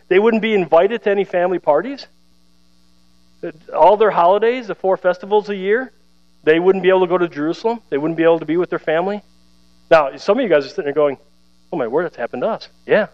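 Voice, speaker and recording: A man with a fairly high voice preaches a sermon in a loose, chatty way, breaking into laughter and acting out the voices he quotes. The recording sounds dull and lo-fi, with a steady mains hum underneath. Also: a little fast. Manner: conversational, animated, laughs often, acts out quoted voices. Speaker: pastor.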